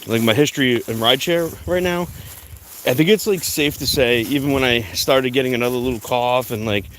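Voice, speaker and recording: A young man rambles to his phone camera as he walks outside, often stopping to restart his sentences. His voice sits at a middling pitch. A faint noise runs behind him. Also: brisk, fairly bright tone. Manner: rambling, many fillers and restarts. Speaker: vlogger. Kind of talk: walk-and-talk vlog.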